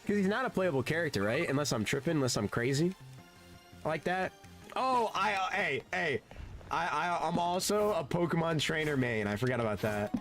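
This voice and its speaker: A man's voice: on the high side, animated, moderate pace, a bit bright, faint music behind. A man streaming a game and chatting casually, rambling and laid-back, often saying "dude" and swearing. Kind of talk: casual gaming stream chat.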